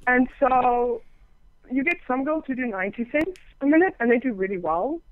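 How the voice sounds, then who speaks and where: A woman chatting as a guest in an interview, telling stories in a lively way and putting on the voices of callers she quotes. She uses lots of fillers and restarts. Her voice comes through a narrow, tinny band with no room sound, like a phone line. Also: high voice, moderate pace, no echo. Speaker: podcaster and phone sex operator, guest. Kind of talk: casual interview chat. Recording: thin, dry phone-like sound.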